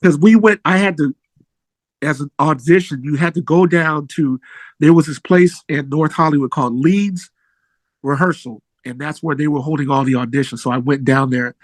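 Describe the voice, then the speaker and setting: A middle-aged man with a high voice tells a story to his interviewer. His talk is casual and animated, and it leaps upward when he gets excited. The sound is dry and close, with no room echo. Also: moderate pace. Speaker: musician guest.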